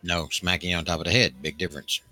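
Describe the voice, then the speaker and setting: A man voicing a gruff, surly male dwarf brawler in a tabletop game, speaking in curt growled barks. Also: low-pitched, steady tone, fast talker, bright, forceful tone, soft background music, exaggerated voice. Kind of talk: tabletop role-play voicing.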